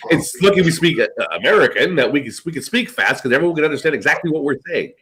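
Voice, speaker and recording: A man's voice: a little high, expressive, fast, a bit bright. A man hosting a podcast, chatting bluntly and rambling, swearing a lot. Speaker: podcast host. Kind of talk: casual chat.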